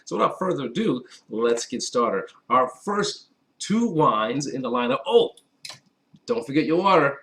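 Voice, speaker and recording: Mid-range and fairly bright, his voice is very animated yet unhurried. He's a Wisconsin wine reviewer running a casual tasting vlog indoors at a white-backed table, chatting upbeat and directly to the people watching.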